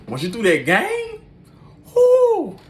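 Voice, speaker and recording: Guy telling a story to camera, slangy and animated, acts out all the lines, average pitch. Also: normal speed, slight background noise. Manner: animated, acts out every line of dialogue; slangy, loose street talk. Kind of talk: casual personal storytelling.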